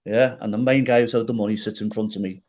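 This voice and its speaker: A man's voice: fairly low pitch, fast. A middle-aged man telling a personal story as a podcast guest, acting out the quoted dialogue and checking in with the listener as he goes. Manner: animated storyteller who acts out quoted dialogue and tags lines with "right?".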